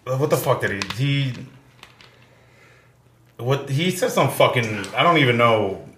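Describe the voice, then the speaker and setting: A man's voice: mid-range voice, lively intonation, a little slow, fairly bright tone, a little hiss or hum. A man telling a rambling, profane story in casual podcast chat. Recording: echoey room.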